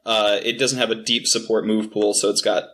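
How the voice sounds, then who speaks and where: A man's voice: fairly low pitch, level tone, moderate pace, fairly bright tone. A man in a casual podcast chat, listing details in a matter-of-fact, methodical way. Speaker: podcast guest.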